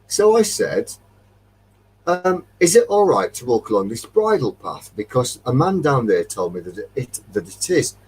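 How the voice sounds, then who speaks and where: A man's voice: medium pitch, big pitch swings, a little slow, a little mellow, husky, distant mic, poor audio. A man from Derbyshire with a Midlands accent, hosting a casual chat, rambling through a story and acting out the dialogue after a few beers. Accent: English Midlands. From Derbyshire, England. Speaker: metal detecting chat host.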